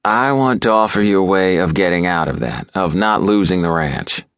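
A man's voice: low voice, animated, normal speed, fairly bright tone, dry recording, studio quality. A man voicing a nervous, earnest young city businessman. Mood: cautious. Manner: earnest, hesitant.

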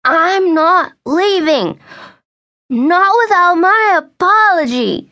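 A woman voicing an angry, drunk middle-aged mother who shouts in a strained, cracking voice. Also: medium pitch, very animated, takes it slowly, dry recording, studio quality. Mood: furious.

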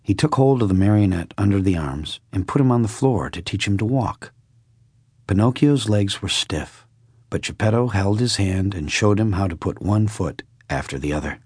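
A man narrating a classic children's story in a measured, expressive way. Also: lowish voice, husky, no room sound, clean studio sound. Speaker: audiobook narrator.

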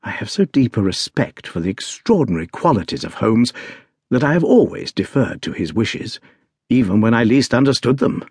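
A man's voice: medium pitch, sing-song, normal speed, darkish tone, husky, no echo, studio quality. A man narrating a classic story as an audiobook, reading expressively and theatrically. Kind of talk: scripted narration. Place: dry recording booth. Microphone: close studio mic.

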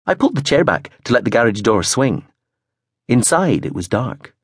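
A man narrating a novel in the first person, an expressive storyteller with a husky tone. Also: mid-range voice, normal speed, no room sound, clean studio sound. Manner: expressive storytelling with voiced character turns. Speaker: audiobook narrator.

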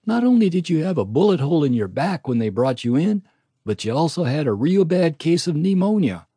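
A man's voice: on the high side, very animated, a little fast, mellow, slightly rough, no room sound, voice pushed up. A man voicing a kind, blunt older woman nurse on the frontier, folksy and plain-spoken, in a storybook reading.

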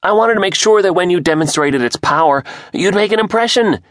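A male narrator voicing an excited scientist who is breathless and stumbles over his words. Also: on the low side, a little slow, dry recording, studio quality, voice pushed up. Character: frantic male scientist, a stiff deputy.

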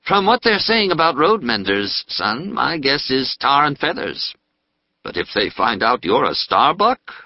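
A man's voice: medium pitch, big pitch swings, a little slow, no room sound, voice pushed up. A man voicing a formal, anxious middle-aged male dentist in an audiobook. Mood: grim. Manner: formal, polite, grave. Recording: slightly muffled dry audiobook.

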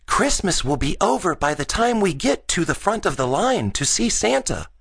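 A jittery little boy from a storybook, pitched high and whining, his voice leaping all over the place, as a man puts him on. There is a slightly husky grain under the squeaky tone. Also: huge pitch swings, unhurried, fairly bright tone, heavily acted. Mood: eager. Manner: high-pitched, worried and whiny. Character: anxious, excitable young boy. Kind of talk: children's audiobook character voice.

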